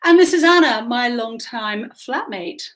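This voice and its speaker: Bubbly eager young woman, chirpy, high voice, woman reading. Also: animated, a little slow. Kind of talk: audiobook character voice.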